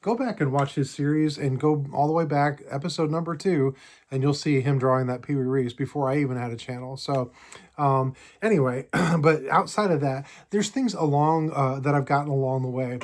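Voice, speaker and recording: A middle-aged man telling stories on his card collecting channel, chatty and halting, with many fillers and restarts. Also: mid-range voice. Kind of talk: casual storytelling vlog.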